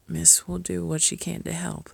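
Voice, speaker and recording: A woman's voice: on the low side, completely flat delivery, moderate pace, creaky, husky, dry recording. A woman in an audio role-play, speaking as a caring mistress to the listener, by turns scolding and tender, often dropping to a whisper.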